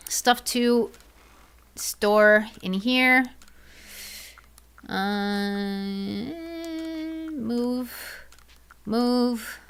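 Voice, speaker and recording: A woman chats casually during a gaming livestream, speaking slowly and thinking out loud in a smooth, clear, medium-pitched voice. She rambles through fillers and repeats, with a giggly, self-mocking tone.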